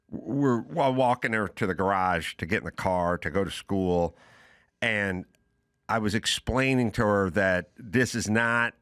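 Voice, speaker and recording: Sardonic ranting man, bright voice. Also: on the low side, clean tone, no echo, studio quality. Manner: sardonic ranting, acts out others' voices in quotes. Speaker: podcast host. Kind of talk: casual opinionated monologue.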